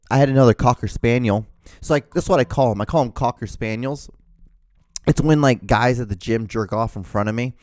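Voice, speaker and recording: A man's voice: fairly low pitch, a little mellow, no echo, clean studio sound. A man hosting his own solo podcast, rambling and swearing, with many restarts. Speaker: podcast host.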